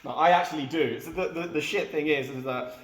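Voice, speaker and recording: A man hosting a relaxed interview chat, laughing along and swearing casually. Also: on the high side, brisk. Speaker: podcast host. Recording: roomy echo, faint noise.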